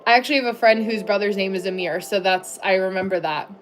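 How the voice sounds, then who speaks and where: A middle-aged American woman hosting a casual livestream, chatting and reading viewers' names aloud in a friendly way, with soft music behind her. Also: medium pitch, fast talker, a little hiss or hum. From United States. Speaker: livestream host.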